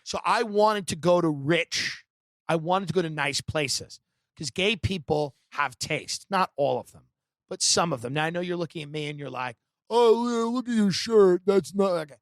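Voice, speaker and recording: A comedian from the United States on a podcast, telling a long story in a sardonic, animated and provocative way. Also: male voice, a little high, moderate pace, no room sound.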